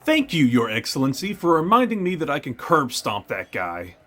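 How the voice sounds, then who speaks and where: A man's voice: a little high, wildly swooping pitch, moderate pace, sharp tone. A young man hosting a let's play, joking and trash-talking over the gameplay. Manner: jokey, trash-talking, puts on silly voices.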